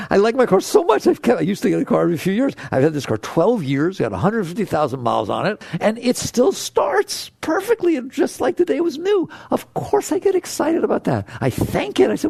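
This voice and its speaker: Male spiritual teacher, high gravelly voice, animated and playful, acts out inner voices. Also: quick pace, hardly any pauses, no room sound, studio quality. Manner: animated and playful, swinging from low hushed tones to high excited exclamations. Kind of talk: spiritual talk to an audience.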